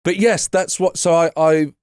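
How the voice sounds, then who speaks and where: A man's voice: a little high, steady tone, normal speed, clean tone, dry recording, clean studio sound. A man hosting a podcast, chatting eagerly with his guest. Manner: enthusiastic, eager. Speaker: podcast host. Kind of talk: casual podcast chat.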